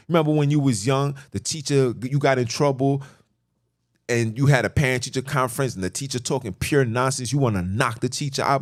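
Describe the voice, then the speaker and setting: A middle-aged man hosting a podcast, delivering an emphatic, repetitive, lecturing monologue. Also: mid-range voice. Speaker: podcast host. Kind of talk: preachy monologue.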